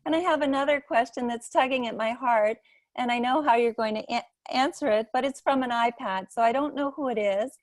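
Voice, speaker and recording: A woman's voice: fairly high pitch, a little fast, no echo. A woman hosting an online meeting, politely reading out audience questions with some hesitation. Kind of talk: live online meeting moderation.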